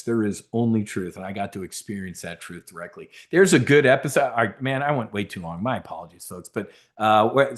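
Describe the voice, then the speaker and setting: A man hosting a live webinar, talking casually in a rambling, emphatic, preacher-like way. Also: mid-range voice. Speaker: webinar host.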